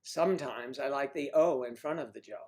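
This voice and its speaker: Male stream host, mid-pitched, loose and jokey, reads out viewer names and riffs on them. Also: fairly quick, a little mellow. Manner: playful, jokey, riffing on viewers' names and places. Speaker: livestream host. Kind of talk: casual chat reading viewer comments.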